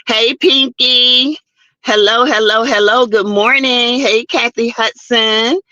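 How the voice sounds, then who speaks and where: A woman's voice: on the high side, steady tone, takes it slowly, bright, forceful tone, no room sound, dull audio. A woman hosting a casual morning livestream, chatting and greeting viewers by name. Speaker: livestream host. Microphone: streaming setup mic.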